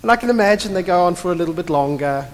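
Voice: medium pitch, animated, racing, in a large hall. A pastor preaching a sermon in a conversational, blunt and emphatic way, often tossing rhetorical questions to the congregation.

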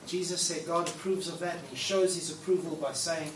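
A man's voice: a little high, steady tone, a little fast, few pauses, a bit bright. A man preaching a sermon in a church hall. He talks in a casual, playful way and acts out the prayers he quotes. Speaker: pastor. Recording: echoey room, mic at a distance, faint noise.

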